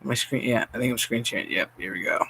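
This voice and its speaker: A man's voice: mid-range voice, fast talker, gravelly, pushed and bright, slight background noise. A man hosting a stream, ranting in casual, profanity-heavy commentary with a sarcastic, exasperated manner and frequent stammered restarts. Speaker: streamer host.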